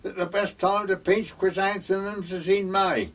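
A man's voice: high voice, flat delivery, normal speed, fairly bright tone, far from the mic, voice pushed up. An older man voicing a nosy know-it-all Welsh rector who teases a village gardener, with a lilting Welsh accent. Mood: sly.

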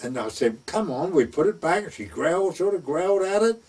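Older man, husky, rambling "he said, I said" anecdote, distant recording. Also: a little high, big pitch swings, fairly quick, a little mellow. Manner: rambling retelling full of "I said, he said". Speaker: storyteller. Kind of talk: casual reminiscing anecdote.

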